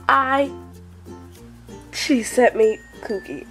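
A female vlogger, gushing and excitable, who is sick and sounds a little off while unboxing a package. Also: sits high, moderate pace, soft background music. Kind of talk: unboxing vlog.

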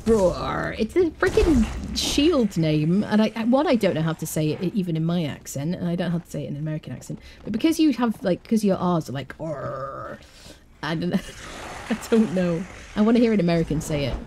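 A woman with a fairly low, mellow, relaxed voice, talking through a live game stream. Her chat is loose and rambling, full of asides to viewers. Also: fast talker, slight background noise. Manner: chatty, rambling, answers chat.

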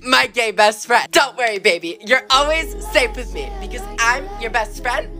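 A woman's voice: fairly high pitch, animated, moderate pace, bright, forceful tone. Woman playing a smug show-off teen schoolgirl. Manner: condescending, dramatic, whiny outbursts. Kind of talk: comedy sketch acting. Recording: music playing behind the voice. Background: music.

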